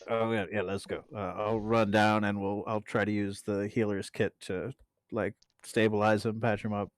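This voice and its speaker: A man playing in a tabletop game, relaxed and offhand. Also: fairly low pitch, moderate pace, no echo. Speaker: player. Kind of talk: casual tabletop game play.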